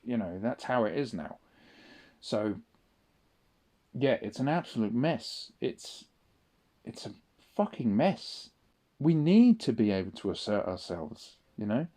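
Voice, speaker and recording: A man's voice: mid-range voice, big pitch swings, unhurried, long pauses, mellow. A man in a casual spoken monologue, rambling and swearing often, with frequent restarts. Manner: rambling, profane, restarts a lot. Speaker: audio diarist.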